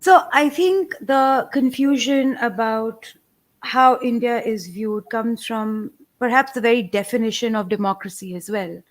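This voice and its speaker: A woman's voice: fairly high pitch, measured pace. A woman interviewing a guest, asking careful questions that list several points.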